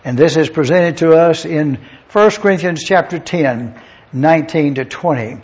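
A man's voice: on the high side, moderate pace, darkish tone. A man preaching a Bible-study sermon, going through words one by one and spelling out Greek terms letter by letter. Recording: dull lo-fi sound.

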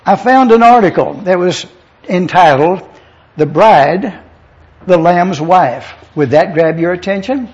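High-voiced preacher teaching a sermon. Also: male voice, animated, a little slow, darkish tone. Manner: teaching, spells out words letter by letter; addresses the congregation directly. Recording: dull lo-fi sound.

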